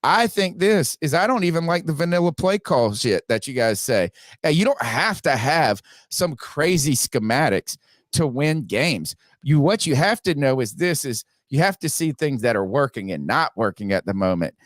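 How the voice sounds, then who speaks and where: A man's voice: medium pitch, sing-song, normal speed, no echo, studio quality. A man hosting a casual sports podcast, reading out viewer donations and giving blunt opinions with frequent restarts. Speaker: podcast host.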